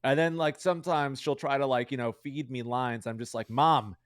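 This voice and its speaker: A man's voice: medium pitch, clear, resonant tone, dry recording, clean studio sound. A young man chatting casually as an interview guest, rambling with lots of fillers. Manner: fast, rambling, heavy use of fillers. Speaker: guest streamer.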